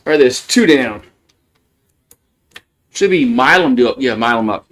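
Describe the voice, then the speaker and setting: A man doing casual live play-by-play, rambling between pitches, repeating words and chuckling often. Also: expressive, measured pace, fairly bright tone.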